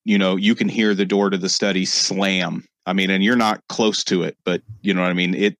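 Low-voiced rambling male game master. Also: flat delivery, fairly quick, fairly bright tone, no room sound. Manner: rambling, many fillers. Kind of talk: narrating a tabletop game.

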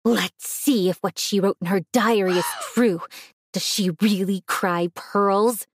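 A greedy middle-aged aunt who taunts and threatens a kidnapped girl, put on by a woman narrator. Her voice rises into mocking, high excited tones in a read-aloud story. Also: measured pace, slight background noise, natural voice. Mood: threatening. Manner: threatening, cackling.

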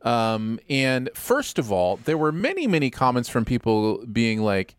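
Animated man reading listener comments. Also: mid-range voice, moderate pace, hardly any pauses, no echo, studio quality. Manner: lively, animated, jokey. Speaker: podcast co-host. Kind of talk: casual chat reading viewer comments.

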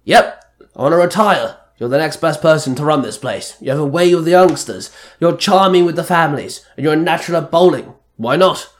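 A man's voice: on the high side, brisk, close to an everyday voice. A man voicing a jovial older bowling alley owner who talks heartily, chuckling. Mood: hearty.

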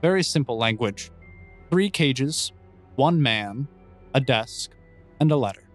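A man running a tabletop game as game master, describing scenes in calm, descriptive narration. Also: medium pitch, slow pace, faint music behind.

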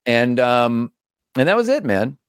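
A man, a voice actor and comedian, telling stories as an interview guest in an animated way, acting out the voices of others. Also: medium pitch, a little slow, smooth, no echo, studio quality. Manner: animated, acts out quoted voices. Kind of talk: storytelling interview.

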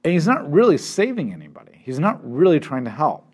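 Bible teacher, male, slightly raised pitch, lively storyteller. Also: brisk, breathy edge. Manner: animated storytelling, acting out quotes.

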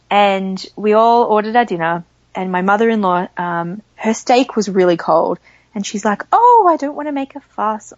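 A woman talking as a money coach in a casual chat, telling lively stories and acting out the voices of the people in them. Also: mid-range voice, no echo, dull audio. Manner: animated storyteller, acts out quoted voices. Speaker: money coach, podcast guest.

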